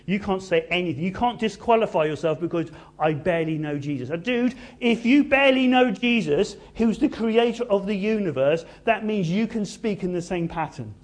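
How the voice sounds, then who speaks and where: Animated male preacher. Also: high-pitched, moderate pace, few pauses. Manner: animated, conversational, playful asides. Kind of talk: sermon.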